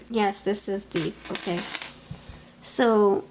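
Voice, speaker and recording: A woman giving a pick-a-card tarot reading in an expressive, chatty way, talking aloud to Spirit as she goes. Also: mid-range voice, drawn-out words, a little hiss or hum, low-quality recording. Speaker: tarot reader.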